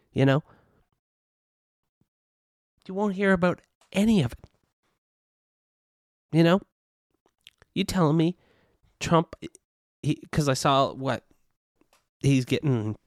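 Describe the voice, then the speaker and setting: A man talking alone into a podcast microphone, rambling and swearing freely in loose, animated chat. His voice has a mid-range pitch for a man. The sound is close and dry, with no room around it. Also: no echo. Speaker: podcast host. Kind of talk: casual solo podcast monologue.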